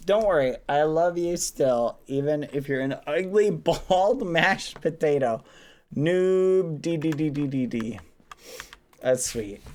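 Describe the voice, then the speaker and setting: A man's voice: on the high side, expressive, slow. A man streaming live, reading viewer stories aloud with frequent giggles and swapping swears for silly words.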